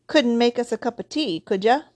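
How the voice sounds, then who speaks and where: A woman voicing a huge, shaggy, good-natured male giant in a storybook reading, gruff and homely in manner, with dialect-tinged speech. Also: fairly high pitch, animated, fairly quick, darkish tone, pitched above the performer's own voice, lightly acted. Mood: gruff friendly.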